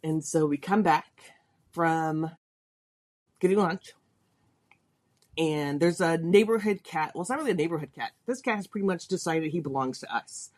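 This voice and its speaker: A woman's voice: deep voice, normal speed, pauses often, a little mellow. A middle-aged woman hosting a podcast, telling a personal story in a chatty, candid way. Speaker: podcast host.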